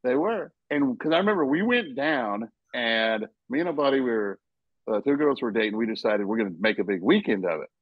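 Animated storytelling man, lively swooping pitch. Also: brisk, no echo, highs cut off. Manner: animated storyteller, acts out quotes loudly. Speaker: podcast guest, basketball writer. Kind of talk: casual podcast chat.

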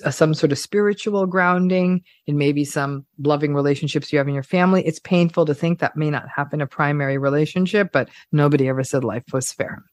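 A woman clinical psychologist talking casually on a podcast, animated and playful, acting out everyday examples. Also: deep voice, no room sound, studio quality.

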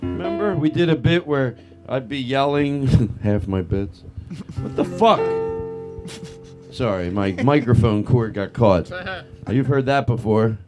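A man's voice: medium pitch, lively intonation, a little slow. A man hosting a comedy show, rambling loosely through half-remembered bits with a self-mocking manner. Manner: rambling, self-mocking, lounge-singer crooning. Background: band music.

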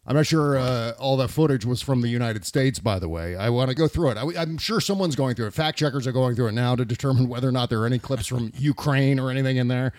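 A man's voice: medium pitch, fast, few pauses, darkish tone, no echo, studio quality. Wry man co-hosting political talk. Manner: wry, loose and conversational. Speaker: podcast co-host. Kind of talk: casual political chat.

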